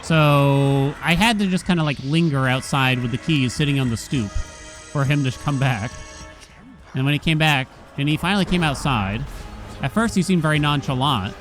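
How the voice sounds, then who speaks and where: A man streaming a game, chatting casually and telling an animated story with sudden exclamations. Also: on the high side, normal speed, faint music behind. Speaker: gaming streamer. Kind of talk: casual gameplay commentary with storytelling.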